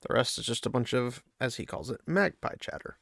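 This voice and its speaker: Here a man briskly reads fantasy fiction aloud, raising the intensity as the battle unfolds, before chatting enthusiastically with his audience about what happened. His mid-range voice is creaky, and the recording is dry and studio-clean.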